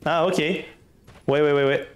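Excitable high-voiced gamer man. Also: moderate pace. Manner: excitable, swears casually, talks to enemies, laughs often. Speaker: gaming streamer. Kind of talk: let's play commentary.

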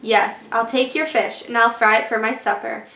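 A woman's voice: a little high, level tone, normal speed, vocal fry, sharp tone, roomy sound, slight background noise. A woman voicing a kindly lonely soldier. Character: friendly lonely male frontier soldier.

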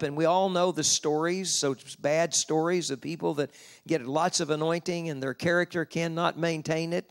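A man preaching a sermon at a convention, slowing down for scripture and rising in pitch to stress his points. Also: gravelly, clean tone. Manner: slows down to read scripture, rises in pitch for emphasis. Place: convention hall.

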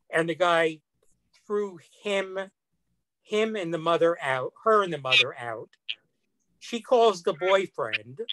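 A man in a casual talk-show chat, retelling a news story at a measured pace with wry remarks. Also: on the high side, fairly bright tone, dry recording.

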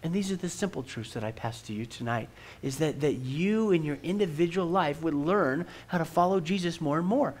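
Man, middle-aged pastor, earnest sermon, high voice, stumbles and repeats words. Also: fairly quick. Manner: earnest, repeats words when starting sentences. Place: church.

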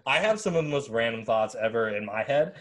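A young man from the Midwest hosts a podcast in loose, casual chat, swearing freely and asking questions. His voice has an ordinary pitch for a man. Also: lively intonation, fairly quick. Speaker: podcast host.

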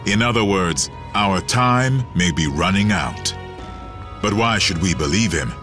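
A man giving measured, dramatic scripted narration in a documentary clip. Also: deep voice, expressive, music in the background.

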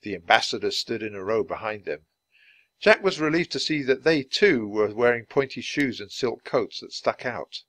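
A man reading a children's chapter book aloud clearly, for language learners. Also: medium pitch, a bit bright, dry recording. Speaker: storybook reader.

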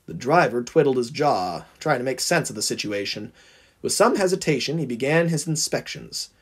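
A man reads a fan-written story aloud with dramatic, expressive storytelling. His voice is husky and his pitch swings widely with the action. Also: moderate pace. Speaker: narrator. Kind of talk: storybook fan audiobook narration.

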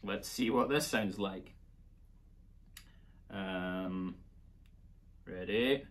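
A man's voice: deep voice, very slow. A man with a Scottish accent teaching a playful children's music lesson, coaxing young listeners along.

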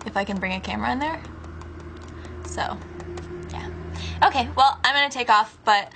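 A tired woman talks casually to her camera from her bedroom, wandering from one thought to the next. Her voice sits at a middle pitch and is packed with "like" and "um". A faint hiss runs under the recording. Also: fairly bright tone. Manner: rambling, lots of "like" and "um" fillers. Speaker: vlogger.

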